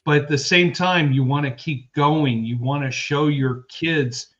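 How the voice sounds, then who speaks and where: A man's voice: fairly high pitch, fairly even intonation, unhurried, dull audio. A man in his fifties co-hosting a sports podcast, rambling through personal anecdotes in casual chat. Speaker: podcast co-host.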